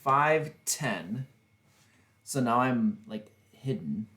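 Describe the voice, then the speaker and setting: A man playing a tabletop role-playing game, playful and animated. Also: medium pitch, drawn-out words. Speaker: player. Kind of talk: tabletop role-play chat. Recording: echoey room, faint noise.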